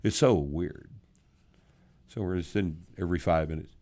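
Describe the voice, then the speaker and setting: A man's voice: deep voice, moderate pace, mellow. An older man hosting a podcast Q&A, answering listener questions in a blunt, sardonic way with some swearing. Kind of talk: casual podcast Q&A.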